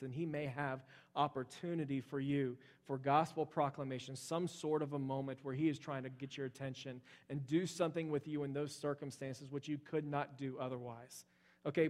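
A man preaching a sermon in a conversational way, explaining scripture with frequent fillers like "uh" and "okay". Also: on the high side. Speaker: pastor.

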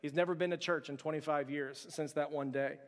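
A man's voice: fairly high pitch, steady tone, brisk. A man preaching a sermon, telling a personal story in an earnest way, often restarting his sentences. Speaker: pastor. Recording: long hall reverb.

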